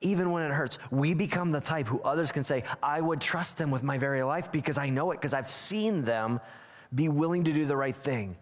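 A man's voice: a little high, moderate pace. A man giving a conversational sermon as pastor, joking and acting out little scenes. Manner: conversational, self-deprecating, acts out quotes. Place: church sanctuary. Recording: church hall reverb.

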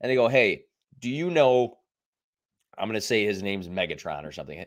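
A young adult man co-hosting a podcast and telling stories in a casual, animated way, acting out the quoted lines. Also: fairly low pitch, moderate pace. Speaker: podcast co-host. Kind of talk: casual storytelling chat.

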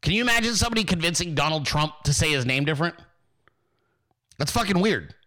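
A high, lively man rants in a loud and mocking way, swearing all the time. His voice is bright and cutting as he hosts his own political commentary stream. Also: quick pace. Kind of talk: profane ranting commentary.

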